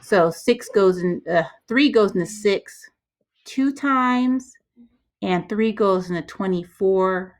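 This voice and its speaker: A woman's voice: medium pitch, slow. A woman math teacher talking herself through probability problems step by step, chatty and self-correcting. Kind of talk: thinking-aloud math walkthrough.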